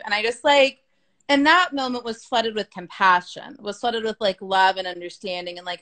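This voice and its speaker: A woman's voice: mid-range voice, moderate pace, a bit bright. Chatty woman, frank and casual. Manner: frank, chatty, sprinkled with swearing and "like". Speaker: business coach being interviewed. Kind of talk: casual conversational interview.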